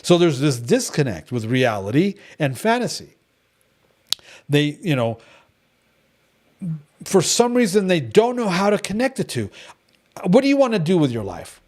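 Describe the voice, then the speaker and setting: Middle-aged male group leader, blunt and animated, slightly high voice, casual teaching talk. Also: normal speed, long pauses. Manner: animated, storytelling, blunt, many restarts.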